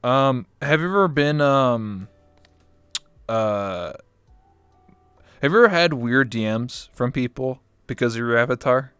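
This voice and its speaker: A young man, a guest on a talk show, telling stories in casual chat with animated, profane reactions. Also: mid-range voice, unhurried, long pauses, clean tone, dry recording, soft background music. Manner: animated, swears freely, acts out his own reactions.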